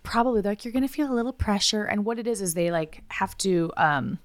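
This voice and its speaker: A woman's voice: medium pitch, animated, quick pace, dry recording. A woman co-hosting a podcast, chatting casually with frequent swearing and joking asides. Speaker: podcast co-host. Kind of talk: casual chat.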